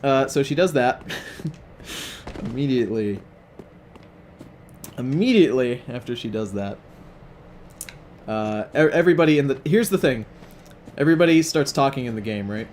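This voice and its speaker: A man's voice: medium pitch, lively intonation, moderate pace, pauses often, darkish tone, slight background noise. Profane, rambling young male gamer. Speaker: let's play host. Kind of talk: casual gameplay commentary and storytelling.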